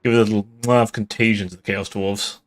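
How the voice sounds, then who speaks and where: A man's voice: on the low side, little pitch movement, brisk. A man casually commenting on his own live strategy gameplay, joking and swearing as he plays. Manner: joking, sweary, mock-offended. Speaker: streamer.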